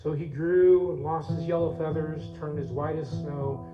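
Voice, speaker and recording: A man's voice: on the high side, fairly even intonation, normal speed. A man telling a story in a chatty, folksy way, with asides to the audience at a church service. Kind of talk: storytelling with song. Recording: echoey, tinny, loud guitar.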